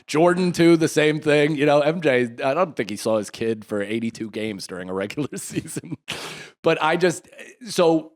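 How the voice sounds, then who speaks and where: A man in his thirties co-hosting a podcast in casual chat, telling a rambling, animated story full of restarts and asides. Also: a little high, moderate pace. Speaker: podcast co-host.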